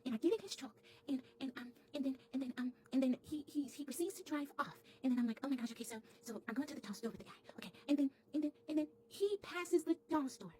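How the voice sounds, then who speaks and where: A woman's voice: high voice, fast talker, few pauses, a little mellow, lightly acted. A woman voicing a sweet, chatty little girl doll who stammers and repeats her words as she tells a comic story to camera.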